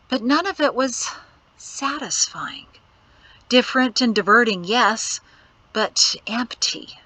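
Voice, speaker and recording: Bright, crisp woman reading an audiobook. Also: fairly high pitch, dry recording, poor audio. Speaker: audiobook narrator. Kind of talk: scripted narration.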